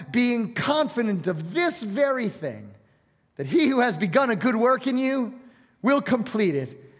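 A man preaching a sermon as pastor, retelling a story with dramatic swings from loud proclamations to hushed near-whispers. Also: sits high. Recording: reverberant hall.

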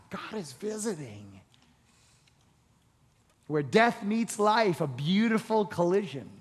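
A man preaching a sermon to a congregation, repeating phrases and building to passionate exhortation. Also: high voice. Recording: long hall reverb.

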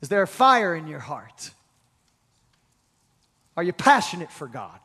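A male pastor preaching a sermon with energetic rhetorical questions and call-and-response with the congregation. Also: high-pitched, a little slow, slightly rough. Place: church hall. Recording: reverberant hall.

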